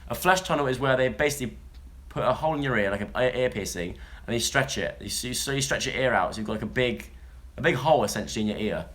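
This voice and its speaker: A man's voice: medium pitch, fast, fairly bright tone. A young man, chatting casually as he reads odd news stories to viewers, jokey and rambling. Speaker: vlogger. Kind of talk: casual chat, reading news stories to a live audience.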